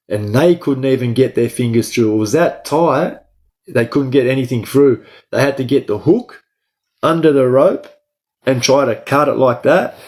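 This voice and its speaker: A man's voice: medium pitch, darkish tone. Blunt Australian man telling a story. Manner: blunt, heavy swearing, keeps checking with "right?". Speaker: guest recounting his time in prison. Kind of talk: conversational storytelling interview.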